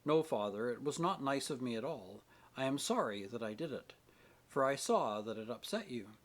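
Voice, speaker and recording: A man voicing an earnest, devout young woman pleading gently with her father in an audiobook. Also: mid-range voice, expressive, moderate pace, natural voice. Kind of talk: audiobook character reading.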